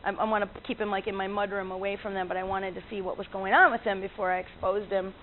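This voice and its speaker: This woman, an animal communicator, talks fast at medium pitch with a level tone as she tells stories casually. Chatty and quick to laugh, she uses many fillers and restarts, and the recording is a tinny lo-fi line with faint noise.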